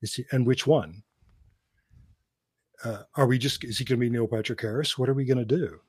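A cinema professor co-hosts a podcast, chatting casually and walking through film history like a lecturer, with laughter between his points. His mid-range voice is fairly quick with a breathy edge. The recording is dry and studio quality.

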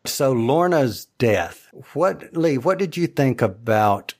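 A man's voice: medium pitch, lively intonation, takes it slowly, darkish tone. A man hosting a casual discussion podcast, often stumbling and repeating his words. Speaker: podcast host.

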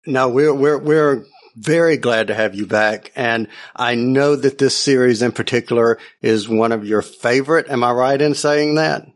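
Guy hosting a podcast, friendly and upbeat, average pitch, kinda enthusiastic. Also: moderate pace. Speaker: podcast host. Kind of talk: casual podcast chat.

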